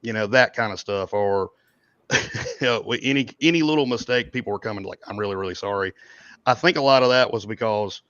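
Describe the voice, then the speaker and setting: A man's voice: fairly low pitch, fairly quick, fairly bright tone, smooth, no echo. A man in his forties chatting casually on a livestream, rambling and chuckling as he talks. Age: 40s. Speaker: event organizer. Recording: dull dry lo-fi mic.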